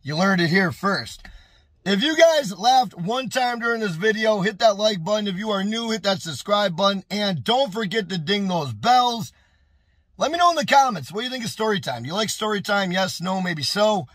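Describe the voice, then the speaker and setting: Male vlogger with a high voice and a dry, close sound, telling a story in a casual, animated way. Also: moderate pace, dry recording. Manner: animated, exclaiming, repeating phrases. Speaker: YouTube storyteller.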